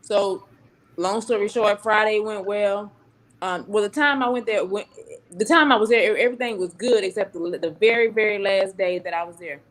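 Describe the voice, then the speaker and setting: A woman telling a story about a bad date, lively and casual. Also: medium pitch, normal speed. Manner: animated storytelling with acted quotes. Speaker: panel guest.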